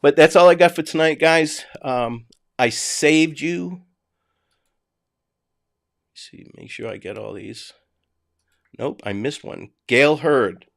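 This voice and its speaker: On a home desk mic that records only his voice, a man with a Boston accent hosts a casual livestream. Speaking at normal speed in a fairly high, expressive, creaky voice, he rants bluntly at his viewers and swears freely.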